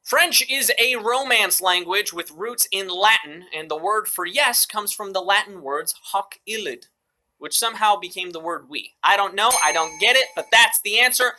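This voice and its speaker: A man's voice: high-pitched, normal speed, bright, forceful tone. A man hosting a live mobile trivia game show, upbeat and joking with playful asides.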